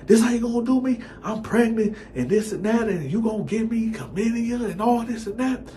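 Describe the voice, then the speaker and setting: A man voicing a furious pregnant young girlfriend with a shrill, accusing voice. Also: lively intonation, a little fast, dark tone, natural voice. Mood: outraged. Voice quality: shrill, high-pitched. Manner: accusing, confrontational.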